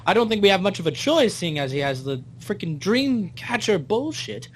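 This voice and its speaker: A man's voice: high voice, very animated, normal speed, a little hiss or hum. A young man in a tabletop game, arguing bluntly and insistently in character. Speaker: player.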